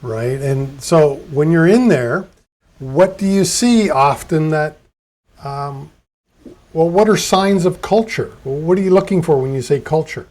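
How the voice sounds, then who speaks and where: A man's voice: fairly high pitch, unhurried, a little mellow. A man hosting a podcast, asking questions in an easygoing, joking manner. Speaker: podcast host. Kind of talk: casual interview questions.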